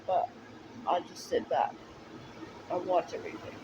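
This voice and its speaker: A woman in a rambling personal monologue, talking in a halting, emotional way with many restarts. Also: fairly low pitch, fairly even intonation, muffled recording, background noise.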